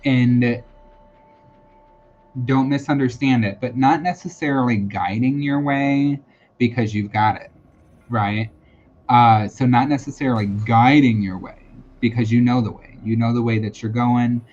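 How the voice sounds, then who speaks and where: A man leads a live-streamed psychic reading at a slow, drawn-out pace. He talks casually and reassuringly, circling back over the same comforting phrases. His voice comes through a muffled, lo-fi recording with a faint hum behind it. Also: mid-range voice, darkish tone. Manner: casual and reassuring, many fillers and repetitions. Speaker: tarot reader and medium hosting a live stream. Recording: dull lo-fi sound with faint background noise.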